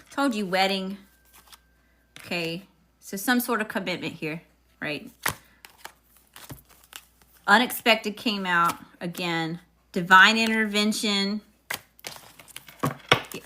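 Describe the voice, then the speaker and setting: Against a noisy background, a woman with a mid-range voice and an unnamed regional accent reads tarot live. She chats with those watching and greets them upbeat.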